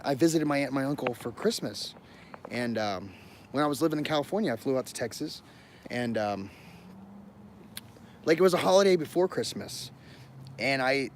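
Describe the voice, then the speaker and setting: A man's voice: medium pitch, a little hiss or hum. A man livestreaming from his phone outdoors near his home. He tells a personal story in a casual, rambling way, with many fillers and apologies to his viewers.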